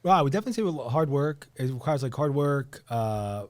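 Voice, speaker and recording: Fast-talking young New Jersey man. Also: medium pitch, no room sound. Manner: animated storyteller, acts out quotes, many fillers. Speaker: real estate agent, podcast guest. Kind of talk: casual storytelling interview.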